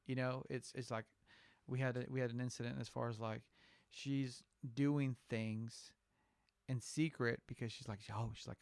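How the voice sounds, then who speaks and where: A man's voice: mid-range voice, flat delivery, moderate pace, gravelly, a little mellow, no room sound. A man co-hosting a casual podcast and talking as a father, rambling and often restarting his sentences. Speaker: podcast co-host; father of a young daughter.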